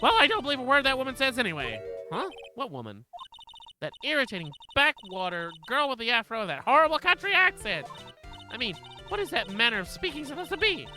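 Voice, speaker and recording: A streamer voicing a nosy, loud elderly woman who scolds young people, over game music. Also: high-pitched, very animated, voice pushed up, exaggerated voice. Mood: scolding. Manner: loud, scolding, talks fast. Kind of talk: voice acting a video game live.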